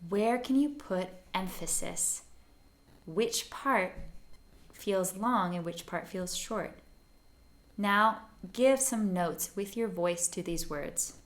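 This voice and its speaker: At a slow pace and medium pitch, a woman walks learners gently through a songwriting lesson one step at a time. She stays patient and encouraging, singing short bits to illustrate the melody.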